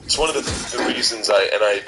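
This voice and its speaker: A man in his forties telling a long story in casual chat as a podcast co-host, rambling and restarting, animated when he quotes others. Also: lowish voice, fast talker, over music, rough recording. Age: 40s.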